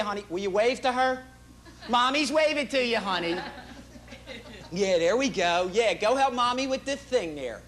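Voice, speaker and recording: Man playing a boastful slangy family guy. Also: high-pitched. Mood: doting. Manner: rambling, full of street slang and bad grammar. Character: chatty, boastful working-class family man. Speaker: stage performer in a one-man show. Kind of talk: comic stage monologue. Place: theater stage.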